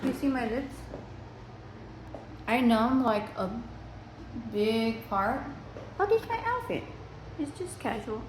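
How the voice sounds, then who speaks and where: A woman's voice: on the high side, animated, slow pace, long pauses, a little hiss or hum. A woman in her thirties talking casually to her phone camera as a vlogger, chatty and upbeat, laughing often. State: numb, swollen lips, talking a bit funny. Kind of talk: casual vlog chat.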